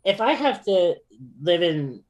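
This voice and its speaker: Animated man telling a story. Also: high voice, slow, dull audio. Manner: animated, laughing storyteller with many fillers and restarts. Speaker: podcast guest. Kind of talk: casual storytelling chat.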